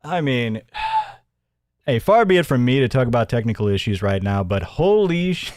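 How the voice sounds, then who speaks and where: Rambling, chuckling livestream host. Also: male voice, medium pitch, very animated, moderate pace, darkish tone, dry recording, clean studio sound. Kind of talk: livestream commentary.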